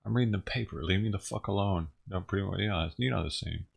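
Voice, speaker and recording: A man's voice: low voice, fast talker, vocal fry, slightly rough. A man ranting on his own livestream, talking casually and profanely, rambling and chuckling as he goes. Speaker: livestream streamer.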